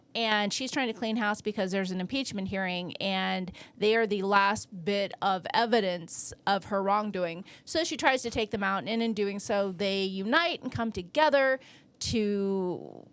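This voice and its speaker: A woman co-hosting a movie podcast, talking casually in quick, chatty bursts. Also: mid-range voice, smooth. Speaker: podcast co-host.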